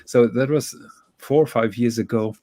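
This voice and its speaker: Mellow-voiced man, hesitant speech. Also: medium pitch, moderate pace. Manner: hesitant, repeats words often. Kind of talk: casual chat.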